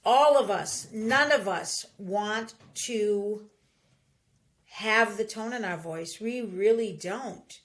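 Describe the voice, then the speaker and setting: A middle-aged woman with a mid-range voice hosts a podcast at a slow pace, handing out casual advice. She's animated and acts out the voices of the people she quotes.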